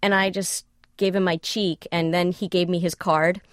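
A woman telling a personal story in conversation, animated and self-questioning, acting out the dialogue she quotes. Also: fairly low pitch, normal speed, no room sound, clean studio sound. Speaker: storyteller guest.

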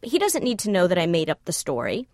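A woman telling a personal story in conversation, animated and self-questioning, acting out the dialogue she quotes. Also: fairly low pitch, fast, no room sound, studio quality. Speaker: storyteller guest.

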